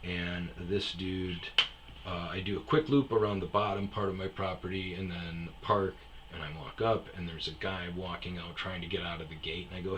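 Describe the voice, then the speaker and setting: A man telling a casual story, profane and animated, acting out the people in it. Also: low-pitched, moderate pace, a little hiss or hum. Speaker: storyteller host.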